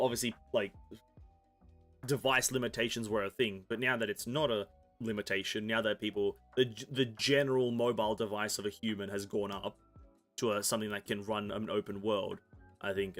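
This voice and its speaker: A man streaming a game, chatting casually in a rambling, self-correcting way and now and then swearing. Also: on the low side. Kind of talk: casual gameplay commentary while reading game text aloud.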